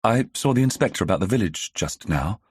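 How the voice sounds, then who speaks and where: A man's voice: fairly low pitch, expressive, a little fast, dry recording, clean studio sound. A man reading an audiobook, voicing an anxious, frightened young woman who talks hesitantly. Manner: hesitant, breathy half-whisper. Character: nervous, anxious young woman, village heiress.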